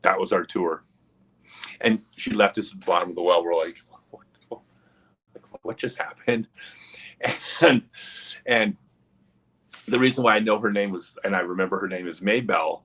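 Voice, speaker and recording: A man hosting a livestream, telling a long story in an animated, casual way with lots of asides. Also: low-pitched, normal speed, long pauses, slightly rough. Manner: animated, many fillers and asides. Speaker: livestream host.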